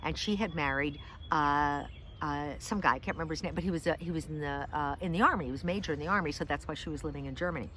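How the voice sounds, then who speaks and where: A woman's voice: low-pitched, fast talker, a bit bright, a little hiss or hum. A middle-aged American woman telling a rambling, self-deprecating story in a casual vlog, outdoors in a park, with lots of fillers and restarts. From United States. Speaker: vlogger, comedian.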